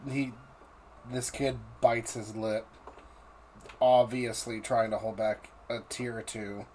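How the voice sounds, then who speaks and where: A man runs a tabletop game as game master, talking in stops and starts, often restarting his sentences. His voice sits at an ordinary pitch, and a faint hum of noise runs underneath. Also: level tone, a little mellow. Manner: halting, with restarts and fillers.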